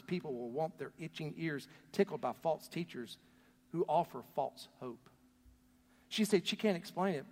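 A man preaching a sermon, telling a story earnestly, his voice swelling loud and then dropping to a near hush. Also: on the high side. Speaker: pastor. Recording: long hall reverb.

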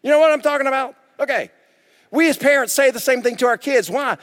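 A man preaching a sermon as pastor, emphatic and repetitive, dropping suddenly to quiet. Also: very high-pitched, fast talker, long reverb tail.

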